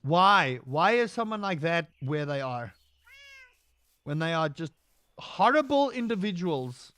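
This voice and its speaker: A man streaming a game while he rants, throwing out rhetorical questions and pushing his voice up high when he gets worked up. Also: sing-song, unhurried, bright, forceful tone, no echo. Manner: ranting, piles up rhetorical questions. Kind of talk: casual rant while gaming.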